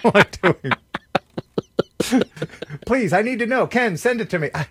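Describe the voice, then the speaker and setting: A man co-hosting a morning radio show, joking and teasing with frequent laughs, in a gravelly, husky voice. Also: high-pitched, animated, brisk, noisy background. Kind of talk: casual morning radio banter.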